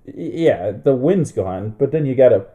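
A man's voice: mid-range voice, animated, normal speed, mellow, lo-fi sound. A man co-hosting a casual podcast, joking and laughing often. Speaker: podcast co-host. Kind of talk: casual chat.

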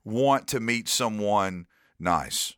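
A man's voice: lowish voice, animated, takes it slowly, a bit bright, no echo, clean studio sound. A man co-hosting a podcast in casual chat, telling a rambling, self-deprecating story with lots of fillers. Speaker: podcast co-host.

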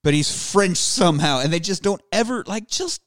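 A man's voice: sits high, expressive, normal speed, fairly bright tone, no echo. A man co-hosting a casual movie podcast, joking and cursing as he rambles through a film. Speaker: podcast co-host.

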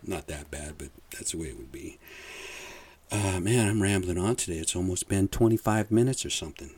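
Deep husky-voiced man rambling. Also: expressive, brisk, darkish tone. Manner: profane, rambling, chuckles often. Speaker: podcast host. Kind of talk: casual rambling monologue.

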